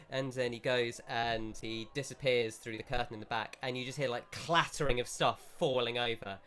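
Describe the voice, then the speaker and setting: A man narrating a tabletop game as game master, describing scenes in a relaxed, halting way with fillers. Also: medium pitch, clean tone.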